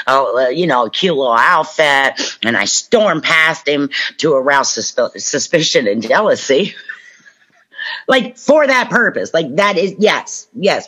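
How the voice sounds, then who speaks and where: A woman from Kentucky giving a personal recovery talk, telling stories with lively acted-out dialogue. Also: low voice. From Kentucky, USA. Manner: animated storytelling, acts out quoted voices. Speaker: speaker at a recovery convention. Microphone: online talk.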